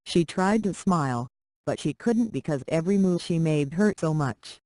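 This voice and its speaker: A reader narrating a short romance story aloud in a plain, steady way. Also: mid-range voice, normal speed, dry recording, poor audio.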